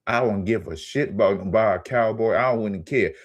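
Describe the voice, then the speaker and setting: A man's voice: on the low side, moderate pace. A man hosting his own sports channel, ranting in a heated, profane way and stammering when he gets angry.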